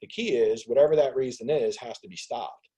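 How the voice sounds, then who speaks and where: A man hosting a business group call on a video call, talking casually in an animated rant. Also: medium pitch, fairly quick, husky, low-quality recording. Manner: animated ranting, acts out others' voices. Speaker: host of a business mastermind call.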